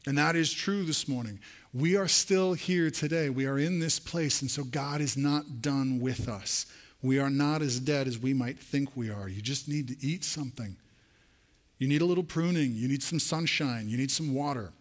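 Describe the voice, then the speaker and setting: A man preaching a sermon in church, speaking earnestly and directly to his congregation. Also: normal speed. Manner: rising to an emphatic pitch near the end. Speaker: pastor.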